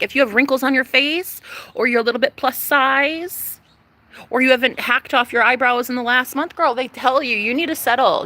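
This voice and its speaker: A vlogger in her thirties rants casually to camera for her viewers, animated and profane, swinging from loud outbursts to whispers. Her voice sits high and moves at normal speed.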